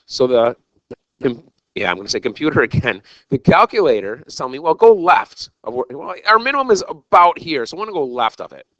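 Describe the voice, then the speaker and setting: A man's voice: mid-range voice, sing-song, quick pace, pushed and bright, no echo, muffled recording. A man teaching a recorded algebra lesson, talking straight to his students in an exuberant, jokey, self-mocking way. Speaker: math teacher.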